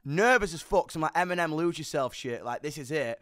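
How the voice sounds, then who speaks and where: With a slightly high voice, this young musician guest rattles off an animated, sweary story during a candid interview chat. He talks fast and swears heavily, and the clean studio sound has no room noise.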